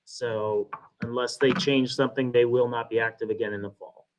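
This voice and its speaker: A man's voice: medium pitch, fairly even intonation, moderate pace, noisy background. A man explaining school budget matters in a council meeting over a video call, with some hesitation. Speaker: school administrator.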